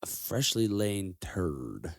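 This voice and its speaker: A man's voice: low-pitched, sing-song, slow pace, no echo, clean studio sound. A young man co-hosting a podcast, bantering casually with profane jokes. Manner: joking, profane, riffing. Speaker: podcast co-host.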